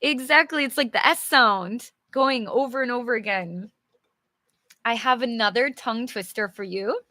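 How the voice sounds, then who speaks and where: A woman's voice: high-pitched, pushed and bright, dry recording, studio quality. A young woman teaching English, reading a storybook aloud and chatting with viewers, laughing often. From English-speaking country. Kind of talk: live English reading lesson with chat.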